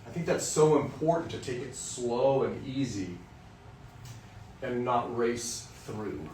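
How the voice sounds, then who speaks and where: A man's voice: mid-range voice, animated, slow pace, a little mellow, a little hiss or hum. A man from Western Kansas, a voice teacher, lecturing music students in a candid, joking, storytelling way. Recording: roomy sound from a distant mic.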